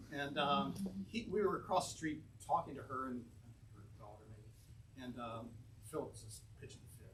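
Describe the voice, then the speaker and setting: Fielding questions from the audience, a poet from North Carolina, USA, promotes his book at a bookstore, spinning rambling anecdotes with frequent chuckles. He speaks at a medium pitch, and the distant mic catches a noisy room.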